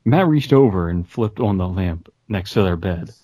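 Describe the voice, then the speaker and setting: A man with a low, slightly husky voice reads a creepy story aloud on a comedy podcast, wry and quick to laugh. The sound is dry and close. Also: lively intonation, mellow, no echo. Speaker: podcast co-host.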